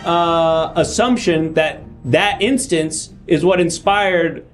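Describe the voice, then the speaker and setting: A man's voice: fairly high pitch, takes it slowly, soft background music. A man hosting an improvised comedy show as a judge, mock-stern and exasperated, often laughing. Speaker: host playing a judge. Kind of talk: improvised comedy role-play.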